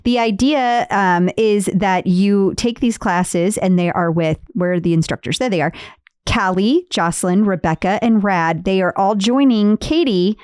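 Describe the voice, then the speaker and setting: A woman co-hosting a fitness news podcast in casual chat, chatty and quick to laugh at herself. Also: medium pitch, a little mellow, clean tone, no echo, clean studio sound. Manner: chatty, laughs easily, self-deprecating. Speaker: podcast co-host.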